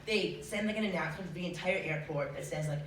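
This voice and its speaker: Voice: mid-range voice, quick pace. Teen storyteller in an echoey hall. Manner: chatty, many filler likes. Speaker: student storyteller. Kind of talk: live true-story telling. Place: school auditorium with audience. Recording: roomy hall, distant mic, noisy. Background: audience laughter.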